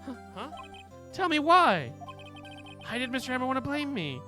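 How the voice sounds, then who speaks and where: A man doing a high, pleading naive actor. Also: very animated, rapid-fire, a bit bright, faint music behind, full character voice. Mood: tearful.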